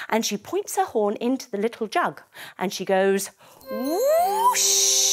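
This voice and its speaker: A woman leading a children's yoga story, telling it in an animated way with playful sound effects. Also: a little high. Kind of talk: guided kids' yoga story.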